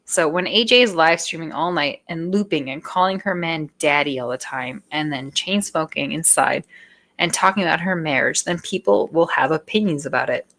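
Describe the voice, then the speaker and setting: Low-voiced rambling woman streamer. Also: moderate pace, a bit bright. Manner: rambling, laughs often, swears. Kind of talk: casual chat.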